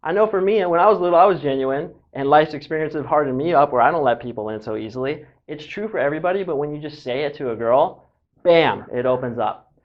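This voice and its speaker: A man's voice: fairly high pitch, quick pace. A man from Southern California telling a casual story as a dating coach, breezy and cocky, swearing freely, in a dull lo-fi recording.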